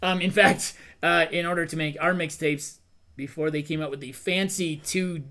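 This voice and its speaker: Middle-aged male host, light voice, relaxed rambling delivery. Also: on the high side, moderate pace, crowd noise. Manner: easygoing, rambling with fillers and repeats. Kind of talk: casual chat.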